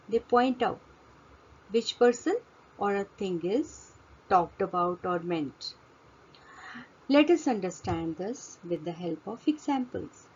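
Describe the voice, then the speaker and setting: A woman walks through grammar rules at an unhurried pace, her voice slightly husky. She asks a question and answers it herself, repeating the key word to drive it home. The recording is dull and lo-fi. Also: mid-range voice, a little mellow. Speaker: English teacher. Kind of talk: grammar lesson.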